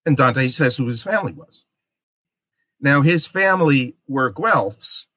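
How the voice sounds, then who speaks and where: A male lecturer talks slowly and with a bright, forceful tone. He explains step by step and often pauses to check in with "okay?". The recording is dry and close. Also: medium pitch, lively intonation, no room sound. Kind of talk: literature lecture.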